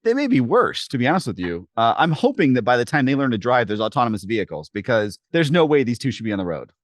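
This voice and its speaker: A man's voice: mid-range voice, quick pace, no room sound, studio quality. A man co-hosting a fitness podcast, telling stories in a casual chat and acting out the quotes with animation. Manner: animated storyteller, acts out quotes. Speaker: podcast co-host.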